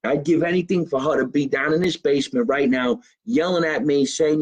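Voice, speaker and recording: A middle-aged male comedian speaking in a somewhat high voice, broadcasting live from his home basement. He rambles casually, swears freely, and keeps plugging his channels between stories. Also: fairly quick, hardly any pauses, poor audio. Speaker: comedian hosting his own live show. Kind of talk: casual live-stream monologue.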